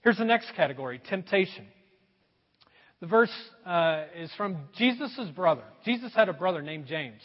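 A middle-aged male pastor preaching a sermon, swinging between loud emphasis and quiet asides. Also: high-pitched, lively intonation, moderate pace, husky. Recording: dull, echoey hall sound.

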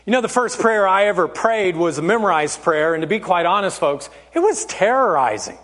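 A man preaching a sermon as pastor, slow and emphatic, calling his listeners folks. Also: high voice, big pitch swings, a bit bright, big-room sound. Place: church.

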